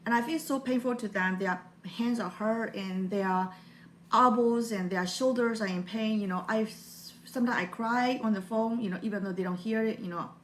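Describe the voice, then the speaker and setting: Woman, 40s, Burmese accent, mid-pitched, earnest and heartfelt, non-native phrasing, motivational vlog talk. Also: a little hiss or hum. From Burma. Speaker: motivational vlogger.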